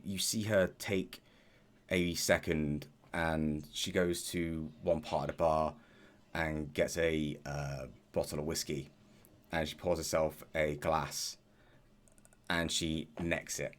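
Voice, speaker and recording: Slow, deep-voiced man running a tabletop game. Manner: measured narration with frequent fillers. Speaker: dungeon master.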